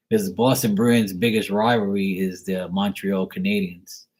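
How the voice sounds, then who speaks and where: A man's voice: deep voice, level tone, measured pace. A man from Bermuda chatting casually on a live stream, rambling and joking as he tells stories. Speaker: live tarot reader chatting with viewers.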